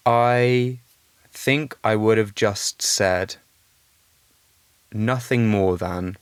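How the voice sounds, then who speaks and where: A man's voice: lowish voice, very slow, pauses often, clear, resonant tone, no room sound. A young man speaking as a podcast guest in a candid, reflective conversation, thinking aloud earnestly.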